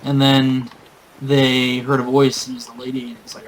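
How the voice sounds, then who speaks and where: A man's voice: medium pitch, completely flat delivery, normal speed, a little hiss or hum, rough recording. A man casually recounting a tabletop game session in a rambling way, full of fillers. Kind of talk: casual storytelling.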